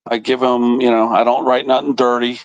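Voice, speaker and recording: A man's voice: mid-range voice, level tone, brisk, muffled recording, a crowd in the background. A man hosting a casual livestream chat, rambling and teasing with a chuckle. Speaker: livestream host.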